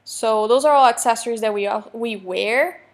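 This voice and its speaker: A woman, a Portuguese teacher explaining grammar in a recorded online lecture, with joking asides and slowly read examples. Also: on the high side. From Brazil.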